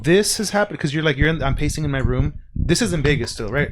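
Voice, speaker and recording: A man's voice: a little high, lively intonation, quick pace, a little hiss or hum. Man hosting a podcast, asking short questions. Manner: brief check-in questions. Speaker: podcast host. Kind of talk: interview.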